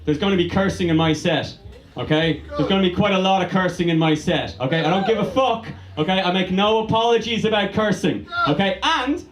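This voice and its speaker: A man's voice: sits high, a bit bright, reverberant. A man with an Irish accent doing a stand-up comedy set, rambling, swearing freely and teasing the crowd. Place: comedy bar venue, live audience.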